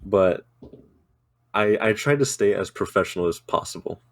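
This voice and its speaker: Deep-voiced man telling a story. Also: normal speed, vocal fry, no echo. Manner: rambling, laughs a lot, swears freely. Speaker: podcast co-host. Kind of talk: casual storytelling chat.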